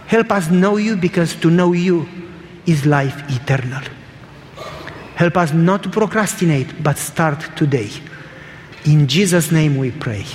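High-voiced male preacher in a reverberant hall. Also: lively intonation, measured pace. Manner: emphatic, builds through repetition. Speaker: pastor. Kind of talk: storytelling sermon with closing prayer. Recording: long hall reverb, faint noise.

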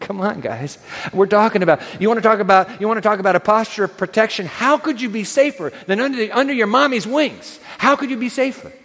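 A male pastor delivers a sermon with a high-pitched voice, building drama and then sinking into quiet, pointed emphasis. His words ring out with a long reverb, as if spoken in a large church sanctuary. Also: brisk. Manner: dramatic storytelling, drops to soft emphasis.

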